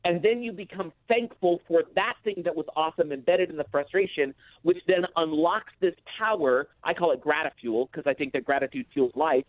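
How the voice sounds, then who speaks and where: A man's voice: on the high side, a little fast, no room sound, narrow, tinny audio. A man talking as a podcast guest, telling stories with energy and acting out his own reactions. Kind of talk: podcast conversation.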